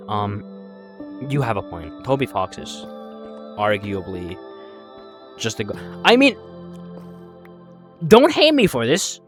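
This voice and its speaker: A young adult streamer chatting casually while playing a VR game, rambling, swearing and answering chat, a bit out of breath. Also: medium pitch.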